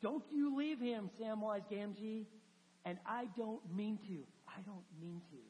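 A man doing a devoted young hobbit who pleads with earnest loyalty in a pitched-up voice. The voice rings high and lifted, carried on a long church reverb. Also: unhurried, dark tone, dull audio.

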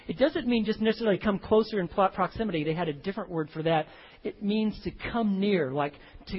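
Husky high-voiced preacher in a reverberant hall. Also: male voice. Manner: emphatic, swinging from hushed to loud. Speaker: pastor. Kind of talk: expository sermon. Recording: reverberant hall, dull lo-fi sound.

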